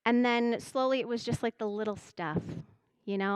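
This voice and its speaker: A woman giving a spiritual message to a congregation, speaking gently and reflectively, often voicing her own inner thoughts. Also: medium pitch, brisk, gravelly, clean tone, no echo. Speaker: church music director giving a message.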